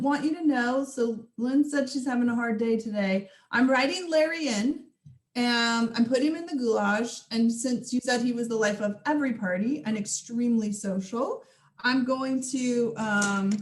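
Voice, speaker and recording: A woman hosting a group video call, speaking gently and encouragingly to grieving participants. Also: fairly high pitch, moderate pace. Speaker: host. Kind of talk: warm group video chat. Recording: echoey room on video call.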